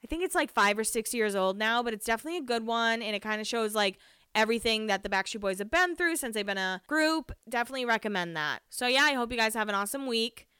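A woman's voice: on the high side, animated, fast, sharp tone, clear, resonant tone, dry recording, studio quality. Chatty, gossipy young woman podcaster. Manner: chatty, gossipy, swears freely, frequent "like". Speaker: podcast host. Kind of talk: casual solo podcast chat.

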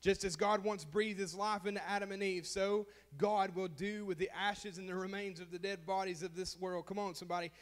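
A man's voice: sits high, steady tone, fairly quick, hardly any pauses. A man preaching a sermon as pastor, impassioned, calling out to the congregation and repeating phrases for emphasis.

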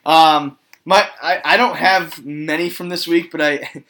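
A man's voice: a little high, unhurried. A man co-hosting a podcast in casual chat, laughing often as he talks. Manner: giggly, relaxed, trailing off into laughs. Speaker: podcast co-host.

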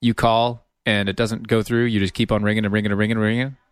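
A man's voice: on the low side, flat delivery, quick pace, clean tone, dry recording. A man co-hosting a show, easygoing and casual, reading out a number and agreeing readily. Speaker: podcast co-host. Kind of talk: casual banter.

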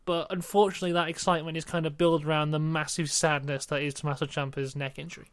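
A man's voice: fairly high pitch, flat delivery, fast talker, clean tone, dry recording. A young British man co-hosting a casual wrestling review podcast, recapping matches with playful quoted asides. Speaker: podcast co-host.

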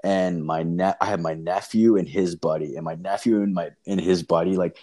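A man's voice: low voice, steady tone, normal speed, mellow. A young man from Canada telling a rambling, profanity-filled story in casual chat, full of fillers.

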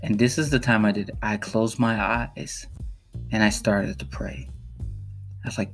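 A man's voice: on the low side, fairly even intonation, a little slow, long pauses, fairly bright tone, faint music behind. A young man from Chicago hosting a podcast, telling a personal story in an earnest, emphatic way and repeating phrases for emphasis. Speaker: podcast host.

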